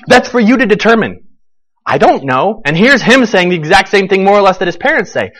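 A man preaching a sermon, animated and questioning his listeners, voicing the people in the story as he goes. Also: sits high, fairly quick, rough recording. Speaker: pastor.

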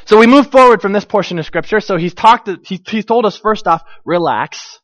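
A middle-aged male pastor preaching a sermon, telling stories with lively, acted-out quotes. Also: high-pitched, fairly quick, dry recording. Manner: animated storytelling, acts out family quotes. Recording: dull, dry sound.

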